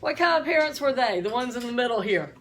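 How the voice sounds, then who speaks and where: High-voiced chatty woman teacher. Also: expressive, fast talker, slight background noise. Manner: chatty, storytelling, asks the class questions. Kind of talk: classroom lecture with stories.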